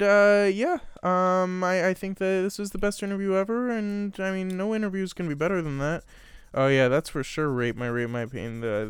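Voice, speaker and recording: A man's voice: high voice, clear, resonant tone, dry recording, studio quality. A man doing an improvised comedy bit, rambling and mock-serious with lots of filler words.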